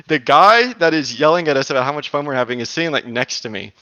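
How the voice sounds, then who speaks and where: A man's voice: mid-range voice, fast, sharp tone, no echo. A man in his thirties telling a long story in casual chat, rambling with lots of fillers and laughs.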